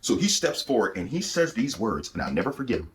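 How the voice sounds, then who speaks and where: A man's voice: fairly low pitch, big pitch swings, quick pace, slight background noise. A man telling a personal spiritual testimony, speaking intensely with repeated phrases and restarts. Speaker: speaker giving a religious testimony.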